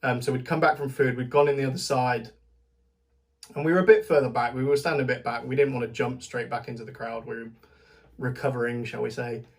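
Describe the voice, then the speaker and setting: A British man talks his way through a casual recap, rambling and chatty. He laughs between thoughts and trips over the start of his sentences. His voice sits at an ordinary middle pitch for a man. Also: steady tone, fairly quick. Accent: British English. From Britain. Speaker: vlogger. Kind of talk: casual spoken festival recap.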